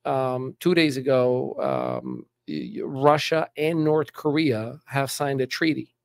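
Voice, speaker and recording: A man's voice: medium pitch, lively intonation, slow, creaky, clear, resonant tone, no echo. A man, middle-aged, chatting emphatically about politics as a podcast guest and often repeating words as he starts a sentence. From United States. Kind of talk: casual political chat.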